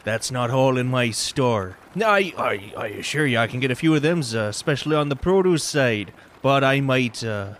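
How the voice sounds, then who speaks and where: A man voicing a gruff, folksy male market vendor in a tabletop game, speaking in old-fashioned dialect with hesitant stammers. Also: medium pitch, expressive, normal speed, hardly any pauses, a bit bright, a little hiss or hum, close to an everyday voice. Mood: haggling.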